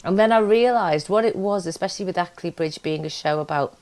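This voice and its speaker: Low-voiced woman in candid talk. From Liverpool, England. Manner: lively, candid, quick restarts. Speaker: actress, guest. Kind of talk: casual interview chat.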